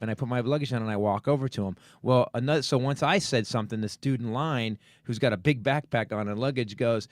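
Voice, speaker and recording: Animated middle-aged male comedy podcast host. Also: medium pitch, fast talker, dry recording, studio quality. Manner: animated, acts out other people's voices, swears casually. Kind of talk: comedic storytelling chat. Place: podcast studio.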